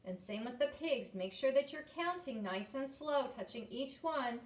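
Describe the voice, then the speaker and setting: A woman's voice: sits high, animated, normal speed, echoey room, distant mic. Woman teacher reading to young children. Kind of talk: reading a story aloud to young children in an online lesson.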